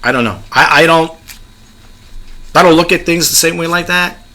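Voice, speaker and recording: Man, New York accent, bright gravelly voice, chatty rambling vlog advice, middle-aged. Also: a little high, moderate pace. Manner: rambling, chatty, repeats himself. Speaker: YouTube creator. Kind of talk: casual advice monologue.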